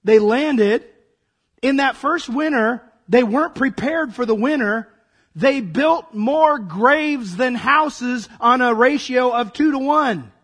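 Hoarse, raspy-voiced male pastor preaching. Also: very high voice, animated, slow, a bit bright. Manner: preaching with dramatic acted-out asides. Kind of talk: sermon.

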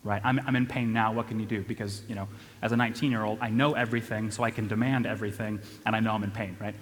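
A young man telling a funny personal story to an audience at a church event, animated and self-deprecating, with lots of restarts and "right?". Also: fairly low pitch, quick pace. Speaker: church speaker. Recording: long hall reverb.

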